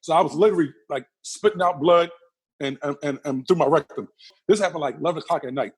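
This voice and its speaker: A husky, slightly high-voiced middle-aged man talks at a rapid clip as an interview guest. He tells his stories vividly, repeating phrases for emphasis and acting out the people in them. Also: darkish tone. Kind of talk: animated storytelling in a casual interview.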